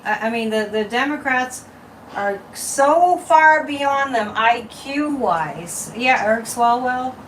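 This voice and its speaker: A woman's voice: a little high, lively intonation, slow, recorded from a distance, a little hiss or hum, low-quality recording. A woman from Massachusetts hosting a casual psychic livestream, chatty and mocking, repeating words and laughing often.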